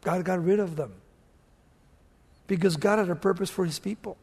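A man preaching a sermon, telling the story dramatically and swinging from loud outbursts to hushed lines. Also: high-pitched, moderate pace, long pauses, breathy edge, in a large hall.

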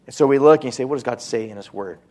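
A pastor preaching a sermon in a conversational way, with asides and quoted voices. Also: male voice, mid-range voice, racing, a little mellow.

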